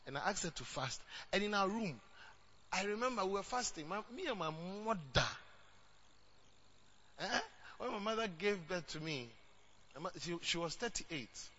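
A Ghanaian-accented male pastor preaching a sermon in a high, piercingly bright voice. He mixes English with Twi and climbs into shouted exhortation. The recording is dull and lo-fi, with a faint hiss beneath it. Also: animated, normal speed, pauses often. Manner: switches between English and Twi, rising to shouts.

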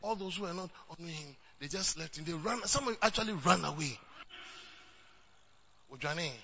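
A man with a Ghanaian accent preaching a sermon as a pastor, switching between English and Twi and rising to shouts. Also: a little high, moderate pace, muffled recording, a crowd in the background.

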